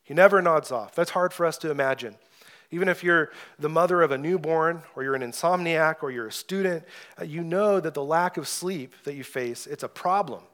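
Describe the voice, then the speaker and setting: A young adult man preaching an earnest sermon, rising loud when he reads scripture aloud. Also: on the high side, a little fast. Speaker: pastor.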